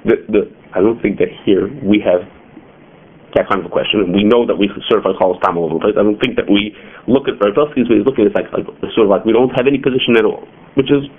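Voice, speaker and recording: A man teaching a class on religious law, explaining quickly with frequent "okay" and "you know" asides. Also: fairly low pitch. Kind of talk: classroom lecture. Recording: tinny phone-like lo-fi recording.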